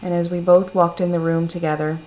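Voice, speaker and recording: A woman telling a personal story in a gentle, reflective, unhurried way. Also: on the low side, level tone. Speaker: storyteller sharing a personal testimony. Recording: dull lo-fi recording with faint hum.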